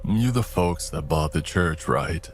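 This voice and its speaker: A nosy, creepy small-town lumberman who drawls his words slowly, as a male narrator puts him on. The voice is very low and unhurried. Faint music hums beneath the storybook reading. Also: expressive. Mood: looming. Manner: slow, looming, drawling.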